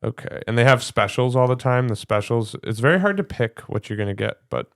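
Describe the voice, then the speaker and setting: A man with a Midwestern accent co-hosting a podcast in casual, playful chat, quick to joke and laugh. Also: mid-range voice, animated. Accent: Midwestern American. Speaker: podcast co-host.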